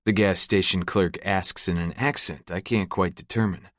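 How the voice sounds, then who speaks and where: A man's voice: low-pitched, fairly even intonation, moderate pace, fairly bright tone, no echo. A man narrating a gritty first-person audiobook in a close, scripted read. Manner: gritty, profane storytelling.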